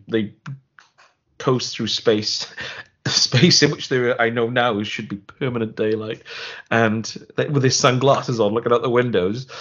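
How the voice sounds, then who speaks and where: A man's voice: mid-range voice, fairly bright tone. A man co-hosting a podcast, chatting casually about films, rambling and laughing often. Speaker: podcast co-host. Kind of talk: casual film chat. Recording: dull lo-fi sound.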